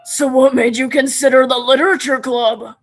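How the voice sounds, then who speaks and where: A woman's voice: high voice, steady tone, moderate pace, soft background music. A woman voicing a confident, friendly teenage club president as she reads a visual novel aloud, upbeat, encouraging and talkative.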